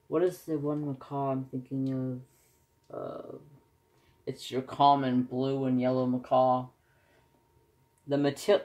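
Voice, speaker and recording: A man, chatting casually and rambling as he answers questions for his crafting vlog. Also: mid-range voice. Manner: rambling, folksy, self-correcting. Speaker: crafting vlogger. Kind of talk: casual chat.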